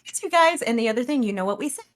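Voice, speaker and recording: A woman guest on a podcast, telling stories about streaming in a casual, animated way, acting out her own reactions and laughing often. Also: fairly high pitch, racing. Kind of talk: casual interview chat.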